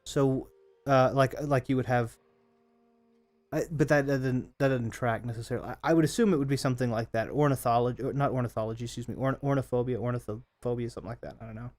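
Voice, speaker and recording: A hoarse man streaming a game, chatting casually with viewers in a rambling, self-correcting way. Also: mid-range voice, fairly even intonation, fast talker, a little mellow. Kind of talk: casual live-stream chat over gameplay.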